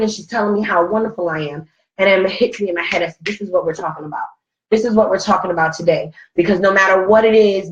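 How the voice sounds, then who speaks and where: A middle-aged woman hosts a casual chat, telling a personal story with open emotion. Her voice sits at an ordinary pitch. The recording sounds roomy and a little distant, with a dull, muffled tone. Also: a bit bright. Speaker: host.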